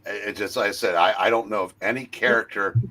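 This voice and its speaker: A man joining a casual movie chat, halting and searching for his words. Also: fairly low pitch, steady tone, pushed and bright.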